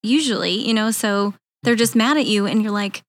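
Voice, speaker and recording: A woman's voice: medium pitch, moderate pace. A woman who works as a nurse in a doctor's office, animatedly telling a story in casual chat and acting out quotes.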